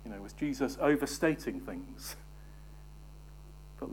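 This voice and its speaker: A man preaching a sermon, moving from emphatic scripture reading to soft, almost whispered asides and questions to the congregation. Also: medium pitch, animated, measured pace, a little hiss or hum.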